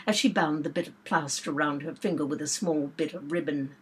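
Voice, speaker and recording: A woman reading a storybook aloud in an unhurried, expressive narration. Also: low-pitched, breathy edge. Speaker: reader.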